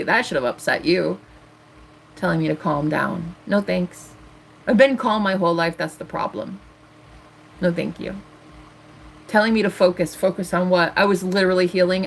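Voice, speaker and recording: A woman's voice: on the low side, brisk, slight background noise. A woman in her thirties ranting defiantly on a live stream as a tarot reader. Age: 30s.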